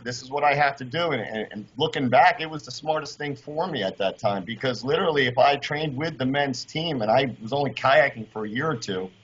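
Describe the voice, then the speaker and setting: Husky man telling an animated story. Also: mid-range voice. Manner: animated, acts out quoted voices. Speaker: guest, former kayaker. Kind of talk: storytelling interview. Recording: dull lo-fi audio.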